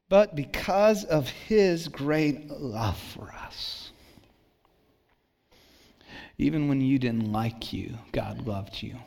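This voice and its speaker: A pastor preaching a sermon in church, moving between hushed and emphatic delivery and calling on the congregation. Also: male voice, mid-range voice, creaky. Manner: calls on the congregation for responses.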